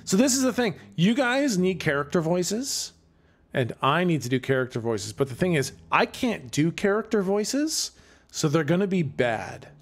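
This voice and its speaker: A man's voice: high-pitched, very animated, moderate pace. A man acting as game master who narrates the scene in a casual, profane style.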